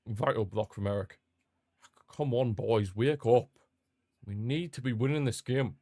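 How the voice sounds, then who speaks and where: A young man hosting a live football watchalong, chatting casually and repeating himself, with sudden bursts of excitement. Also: medium pitch, unhurried, no echo, clean studio sound. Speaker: watchalong host. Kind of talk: casual live match commentary.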